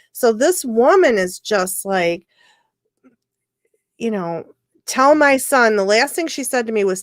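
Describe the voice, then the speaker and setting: A woman's voice: a little high, no room sound, clean studio sound. A woman who works as a psychic medium, chatting on an internet radio show and telling rambling, emotional stories full of restarts. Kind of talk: casual radio conversation.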